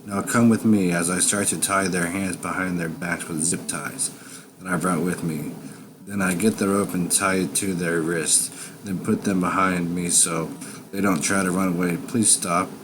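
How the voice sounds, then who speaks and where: A man narrating a first-person scary story in a low, unhurried, menacing drawl. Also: fairly even intonation, noisy background.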